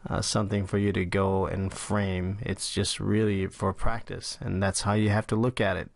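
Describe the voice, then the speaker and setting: A man with a lowish voice walks viewers through a drawing tutorial in a casual, chatty way. He pauses often on "uh" as he sketches. The sound is close and dry, with no room around it. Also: gravelly, dry recording. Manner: casual and chatty, with frequent "uh" fillers. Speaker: drawing channel host. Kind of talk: tutorial talk while sketching.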